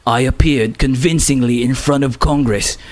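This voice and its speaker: A man's voice: medium pitch, fairly even intonation, moderate pace, natural voice. A man doing a tough Cockney spy. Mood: boastful. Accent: Cockney, as put on. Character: hard-boiled tough male spy, boastful.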